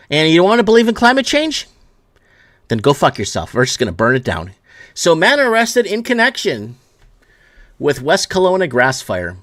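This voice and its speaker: A man's voice: fairly high pitch, wildly swooping pitch, normal speed, a bit bright. A man hosting a solo news commentary show, reading headlines and ranting angrily with lots of swearing, stumbling and repeating himself as he gets worked up. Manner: angry, profane ranting, reading headlines aloud. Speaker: host.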